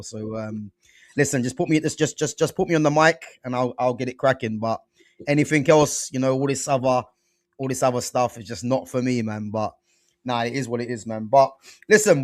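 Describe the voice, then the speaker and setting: A man's voice: mid-range voice, dry recording. Young guy hosting football chat, easygoing and slangy, dry sound. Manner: laid-back, loose slangy talk peppered with "man" and "bro". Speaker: podcast host.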